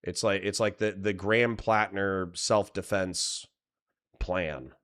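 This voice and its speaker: A man's voice: low voice, steady tone, takes it slowly, fairly bright tone. A man streaming live, rambling and swearing while he comments and reads chat messages aloud.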